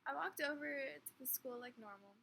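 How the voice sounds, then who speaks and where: A young woman in her late teens telling a story in a rambling, animated way, full of filler words. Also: sits high, normal speed, creaky. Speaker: vlogger. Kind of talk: casual storytime chat. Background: faint fan hum.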